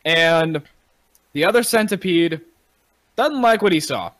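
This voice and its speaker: A man running a tabletop game as game master, his voice high and bright, rising and falling with animated energy. He narrates casually over an online call, laughing and swearing freely. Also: unhurried, slight background noise.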